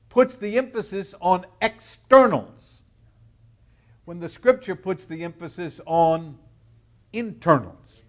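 A man preaching a sermon as pastor, emphatic and expressive, dropping into quick conversational asides. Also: sits high.

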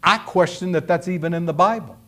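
High-voiced folksy male preacher. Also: fairly quick, bright, forceful tone. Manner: folksy, emphatic preaching with acted-out quotes. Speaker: pastor. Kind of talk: sermon.

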